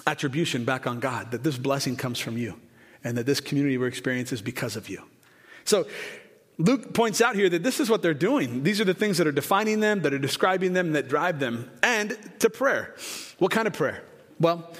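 A pastor in his forties preaching a conversational sermon with jokes and asides, lifting his voice for emphasis. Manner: rises in pitch and volume for emphasis. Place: church sanctuary. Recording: long hall reverb.

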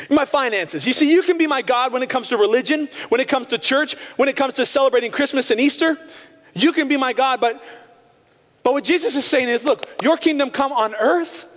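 A male pastor preaching a sermon with passion, slowing down to stress key phrases. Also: very high voice, fairly bright tone. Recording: long hall reverb.

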